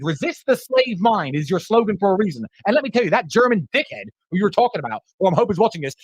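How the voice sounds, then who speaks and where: A man's voice: high voice, husky, no room sound, rough recording. A man telling a story in casual podcast talk, boastful, combative and profane.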